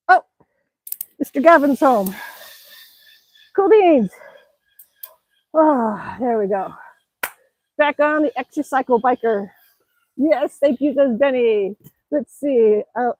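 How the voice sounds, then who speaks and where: A cheerful woman from Alaska talks to her live-stream viewers while exercising outdoors, a little out of breath. Her voice sits high and bright in pitch, and she chats in a chatty, exclaiming way. The sound is close and dry, with almost no room around it. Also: dry recording, poor audio. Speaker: livestreaming vlogger. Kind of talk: casual live-stream chat.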